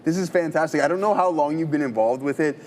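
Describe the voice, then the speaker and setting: A man's voice: on the high side, fast. A man co-hosting a live trading show, chummy and upbeat, thinking aloud while he pulls up charts. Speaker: trader and co-host. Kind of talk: casual live market chat.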